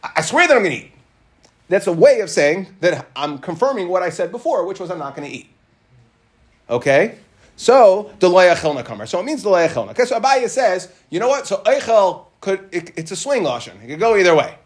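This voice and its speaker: A man teaching a lively Talmud class, explaining the text and acting out what people say. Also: high voice, a little fast. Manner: animated, acts out quoted speakers.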